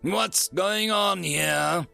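Man doing a cool steely marine sergeant, grinning confidence, raised pitch, rough edge. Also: very animated, moderate pace, sharp tone, faint music behind, exaggerated voice. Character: calm, steely human marine staff sergeant.

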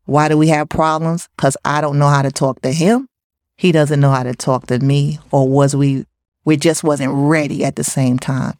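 A woman co-hosting a relationship talk show, chatting casually about communication, laughing often and acting out lively quotes. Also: low voice, normal speed, dry recording, clean studio sound. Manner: lively, laughs often, animated quoting of others. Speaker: podcast co-host.

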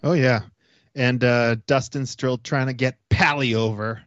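A man's voice: medium pitch, steady tone, unhurried, a bit bright, no echo. A man adds short, laid-back remarks as podcast co-host. The audio is dry and somewhat muffled. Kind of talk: casual chat.

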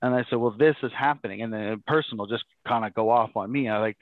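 A man speaking as a guest in a casual interview, telling lively stories about running his business. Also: medium pitch, fast, hardly any pauses, no echo, narrow, tinny audio. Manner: animated storytelling, acts out customers and staff.

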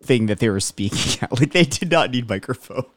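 A man's voice: mid-range voice, animated, fairly quick, no room sound. A man co-hosting a podcast, giving blunt, opinionated asides in casual chat. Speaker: podcast co-host.

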